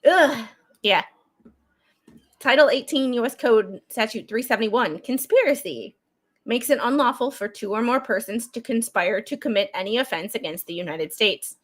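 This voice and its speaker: Her voice on the high side and animated, a woman reads court documents at a moderate pace on her true crime stream. She's casual and digressive, breaking off for asides, and occasionally coughs as she recovers from a cold.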